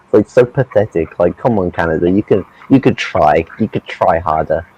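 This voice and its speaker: A man's voice: sits low, animated, normal speed, darkish tone, husky, low-quality recording. A man in casual political chat, blunt and profane, ranting at length.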